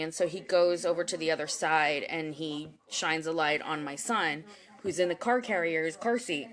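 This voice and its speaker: A woman's voice: low-pitched, moderate pace, a bit bright. A woman in her forties tells a personal story on a livestream, rambling and emotional, with many fillers and frequent swearing. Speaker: spiritual reader hosting a live stream. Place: home, livestream. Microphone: phone or webcam.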